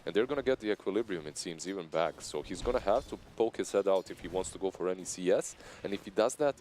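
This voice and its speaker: A man's voice: deep voice, lively intonation, fast talker, a little mellow, slight background noise. A man with an Eastern European accent giving conversational, analytical esports commentary. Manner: analytical, conversational, laughs easily.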